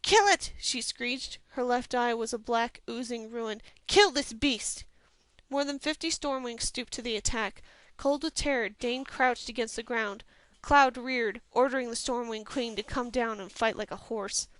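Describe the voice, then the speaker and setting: A woman reading a fantasy novel aloud as a steady, even storyteller from a home recording. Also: on the high side, moderate pace, clear, resonant tone, dry recording. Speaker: audiobook reader. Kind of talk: scripted fantasy novel narration.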